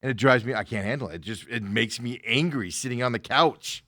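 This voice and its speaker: A man hosting a sports talk show, ranting casually, laughing often and mocking people with quick impressions. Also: medium pitch, bright, forceful tone, no echo, clean studio sound.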